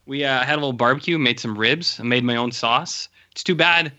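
A man's voice: mid-range voice, a little fast, sharp tone. A Canadian man co-hosting a podcast, joking and rambling with lots of fillers. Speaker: podcast co-host. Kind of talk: casual chat.

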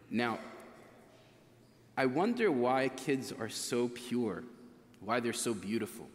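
A man in his thirties preaching a sermon as a priest, telling stories with lively, acted-out quotes. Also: medium pitch. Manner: animated storytelling, acts out voices in quotes. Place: church. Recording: long reverb of a church hall.

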